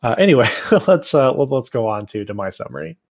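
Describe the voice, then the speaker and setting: A man co-hosting a podcast in casual chat, halting and playful, often restarting his sentences. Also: mid-range voice, lively intonation. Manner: halting, self-correcting, playful. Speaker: podcast co-host.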